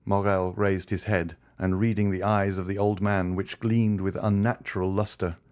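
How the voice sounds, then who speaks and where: A man narrating a classic novel as an audiobook, in a measured, dramatic reading. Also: low-pitched, little pitch movement, darkish tone, no echo. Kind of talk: scripted narration.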